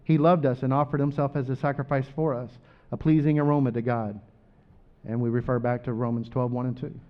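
A man preaching a sermon, rising loud on scripture and dropping quiet for asides. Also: mid-range voice, steady tone, brisk, lo-fi sound.

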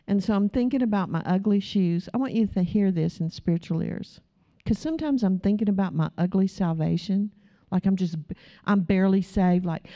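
A woman preacher giving a chatty, storytelling sermon with asides to the congregation, recorded on a dull lo-fi recording. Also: medium pitch. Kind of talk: conversational sermon.

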